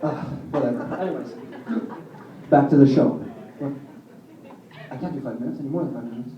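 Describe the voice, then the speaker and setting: A man's voice: mid-range voice, a little fast, crowd noise. A young man doing a stand-up set, telling crude rambling stories, recorded from far off in a small venue. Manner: crude, rambling storytelling with audience laughs. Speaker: stand-up comic. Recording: distant roomy lo-fi club recording. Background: audience laughter.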